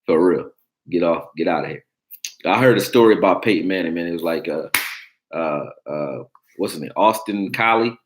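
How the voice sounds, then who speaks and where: Deep-voiced blunt sports talk host. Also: male voice, normal speed, noisy background. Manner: blunt, profane, joking, reacting to chat. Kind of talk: casual sports talk livestream.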